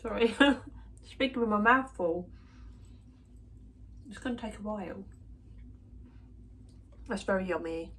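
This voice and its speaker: A woman's voice: mid-range voice, slow, long pauses, a bit bright, a little hiss or hum. A woman chatting casually to camera in her home kitchen, self-deprecating and giggly. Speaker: vlogger.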